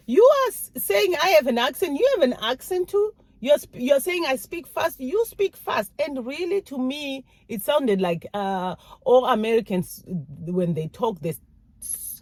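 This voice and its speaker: Soft-spoken African woman, dry sound. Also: on the low side, dry recording. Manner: candid, laughs, restarts, acts out mocking voices. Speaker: vlogger. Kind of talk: casual talk to camera.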